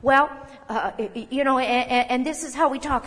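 A woman preaching a sermon in a conversational, emphatic way, with quick asides and self-corrections. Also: high voice, a bit bright. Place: church hall. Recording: long hall reverb.

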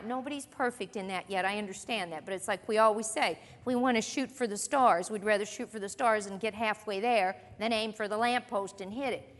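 Her mid-range voice has a fairly bright tone as she leads a group through a Bible lesson in a church meeting room. She speaks earnestly and conversationally, putting questions to her audience. The recording carries the long reverb of a hall.

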